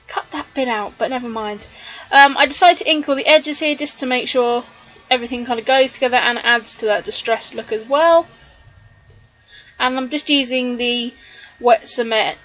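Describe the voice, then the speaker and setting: A woman narrating a scrapbooking video in voice-over, chatty and relaxed, with frequent ums and small laughs, a little tired late at night. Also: fairly high pitch. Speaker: scrapbooking vlogger. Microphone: voice-over recorded separately from the video.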